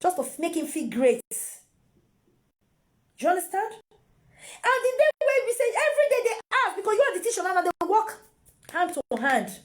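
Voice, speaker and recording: A woman's voice: very high voice, sing-song, normal speed, pauses often. A Nigerian woman and mother giving casual parenting advice to camera, repeating phrases and mixing in pidgin.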